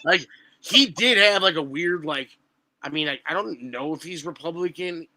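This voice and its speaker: A man, telling stories on a podcast in an animated, profane way. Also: on the high side, moderate pace, background noise. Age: 20s. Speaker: guest musician. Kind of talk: casual podcast chat.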